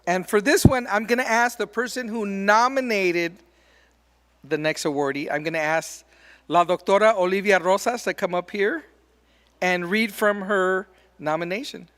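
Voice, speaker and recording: A man presenting awards at an alumni reception, talking informally and leaning on a steady stream of "okay". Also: high-pitched, moderate pace. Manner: informal, peppers speech with "okay". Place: indoor reception event.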